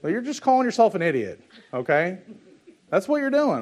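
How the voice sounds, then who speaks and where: A man preaching a sermon, reading scripture in old-fashioned wording, then talking plainly and with humour, dropping to low confiding talk and rising to loud exhortation. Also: big pitch swings, fairly quick. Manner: plain-spoken and joking, laughs at his own asides. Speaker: pastor.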